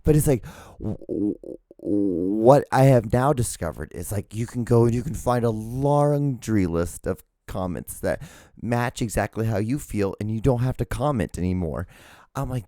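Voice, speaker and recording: A man's voice: lowish voice, lively intonation, normal speed, warm tone, no room sound, studio quality. A man hosting his own podcast in a casual, rambling solo monologue, profane and self-mocking. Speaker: podcast host.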